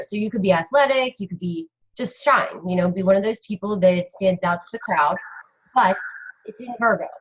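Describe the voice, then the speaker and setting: A woman's voice: mid-range voice, dull audio. A woman doing an astrology reading on a casual live stream, blunt and chatty, with casual swearing. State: cold, shivering. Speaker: astrology reader.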